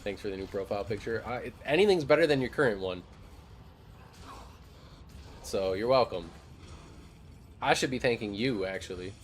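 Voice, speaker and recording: Lively low-voiced man streaming games. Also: moderate pace, pauses often, a little hiss or hum. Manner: loose, profane, joking banter with chat. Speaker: game streamer. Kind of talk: casual live-stream chat.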